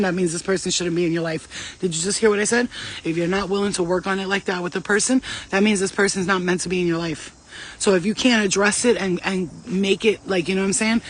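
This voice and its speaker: A woman giving casual spiritual advice as a vlogger, blunt and profane, telling stories in an animated way. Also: mid-range voice. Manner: blunt, profane, streetwise talk; animated storytelling.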